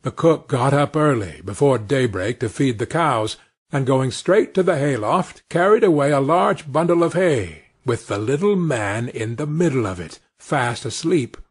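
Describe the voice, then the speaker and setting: A man narrating a fairy tale for English learners in a slow, expressive storybook reading. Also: medium pitch, husky.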